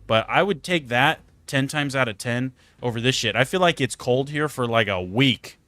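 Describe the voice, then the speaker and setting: Swearing, animated young man streaming. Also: medium pitch, moderate pace, dry recording. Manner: animated, swearing, exasperated storytelling. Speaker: game streamer. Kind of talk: casual live-stream chat. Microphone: close desk mic.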